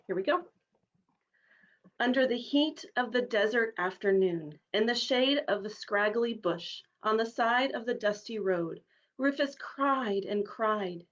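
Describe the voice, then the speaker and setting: A woman children's minister giving a live storytime, reading a picture book aloud to children with an expressive read-aloud manner. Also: on the high side, highs cut off. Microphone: livestream device.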